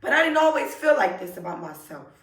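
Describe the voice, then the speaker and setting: A woman giving an earnest, emotional motivational talk, repeating affirmations slowly. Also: medium pitch, big pitch swings. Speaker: self-help vlogger. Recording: roomy echo, a bit far from mic.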